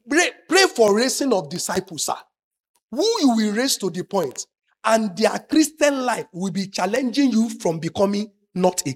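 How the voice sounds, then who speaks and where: A male pastor delivers a sermon in a high-pitched voice. His tone is husky and a little rough. He drops to soft, close asides, then builds to loud, forceful emphasis.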